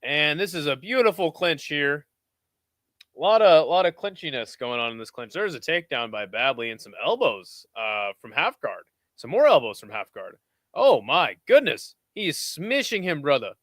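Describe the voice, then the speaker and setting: A young man streams live fight commentary, chatting casually with viewers in a slightly high voice at a normal pace, with no echo. He's excitable, shouting and whooping at the big moments and tossing chatty asides to his chat.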